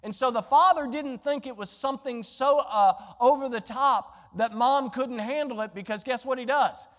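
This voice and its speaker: A pastor delivers a sermon with a strikingly high-pitched voice, telling the story with animated rhetorical questions. His words ring out through a hall with a long, trailing reverb. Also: moderate pace.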